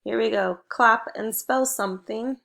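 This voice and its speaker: A woman teaching a phonics lesson to first graders, giving slow, clear prompts with pauses between them. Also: a little high, a bit bright.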